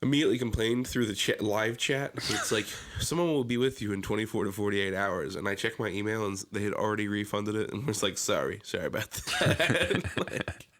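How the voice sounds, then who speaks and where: Animated low-voiced man telling stories. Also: fairly quick. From Pennsylvania. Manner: animated storytelling, acts out his own anger. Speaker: podcast co-host. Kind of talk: casual chat.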